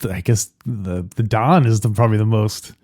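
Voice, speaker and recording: A man co-hosting a podcast in casual chat, thinking aloud with halting fillers and restarts. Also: lowish voice, a little mellow. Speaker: podcast co-host.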